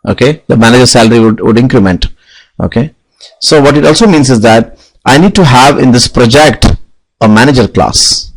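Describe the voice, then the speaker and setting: In a live coding session, this programming instructor explains object-oriented programming while typing out code, sprinkling in frequent "okay" and "you know" fillers. He speaks at a moderate pace in a mid-range voice, and the recording quality is rough.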